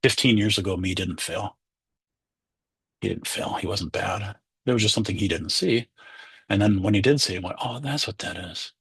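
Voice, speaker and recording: A man's voice: on the low side, moderate pace, vocal fry, pauses often, fairly bright tone, breathy edge, no echo. A man, a Zen teacher, giving a conversational dharma talk and acting out inner voices.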